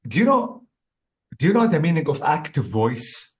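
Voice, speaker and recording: A man's voice: a little high, sing-song, normal speed. Guy tutoring english one on one, voice goes up and down a lot, keeps asking okay?. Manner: explains step by step, checks in with "okay?". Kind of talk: one-on-one teaching.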